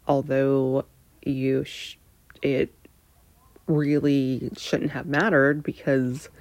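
A woman in her thirties with a slow, unhurried delivery and a gravelly, fried edge to her voice. She answers personal questions candidly, pausing often and slipping into breathy near-whispers. The sound is dry and close, with no room echo. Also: extremely low pitch, darkish tone. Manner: hesitant, lots of pauses and fillers, drifting into breathy near-whispers.

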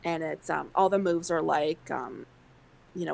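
A woman's voice: deep voice, fairly even intonation, measured pace, gravelly, slight background noise, poor audio. A woman co-hosting a podcast, telling a story in casual chat with many fillers. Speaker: podcast co-host.

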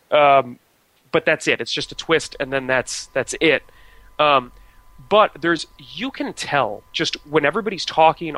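Bright-voiced American man chatting about games. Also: fairly high pitch, no room sound, rough recording. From United States. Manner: chatty, frequent restarts and fillers. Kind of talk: casual video game discussion.

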